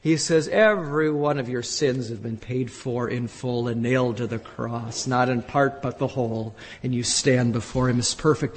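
A man preaching a sermon as a pastor, emphatic and rising to loud exclamations. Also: mid-range voice, fairly even intonation, normal speed, hardly any pauses, husky. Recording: echoey hall from a distance.

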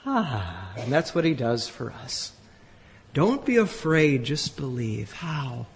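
A man preaching a sermon as a pastor, emphatic and rising to loud exclamations. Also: medium pitch, very animated, slow, slightly rough. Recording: echoey hall from a distance.

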